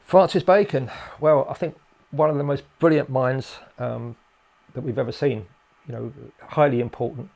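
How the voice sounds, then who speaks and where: A man's voice: mid-range voice, moderate pace, creaky, darkish tone. An older man from England, a guest in a casual interview, who rambles and hesitates with many fillers and restarts.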